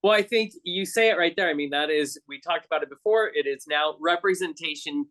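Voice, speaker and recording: A man's voice: on the high side, brisk, fairly bright tone. A man hosting a podcast interview, chatting casually and affirming his guest. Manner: supportive, brief affirmations. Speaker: podcast host.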